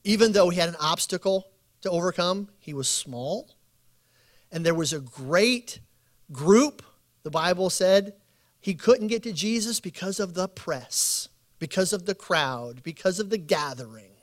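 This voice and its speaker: A man preaching at a bible study, telling stories with acted quotes and building slow emphatic lists. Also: sits high, animated. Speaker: pastor.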